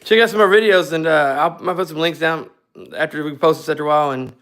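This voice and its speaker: A man's voice: a little high, quick pace, fairly bright tone, clean tone. A man co-hosting a scooter garage live stream, chatting in a loose, joking, rambling way. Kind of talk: casual live-stream chat.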